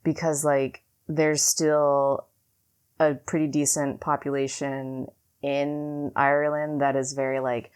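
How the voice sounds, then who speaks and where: A woman's voice: a bass voice, fairly even intonation, unhurried. A young woman from California, co-hosting a podcast and telling a long story in a rambling, casual way full of fillers. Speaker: podcast co-host. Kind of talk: casual chat.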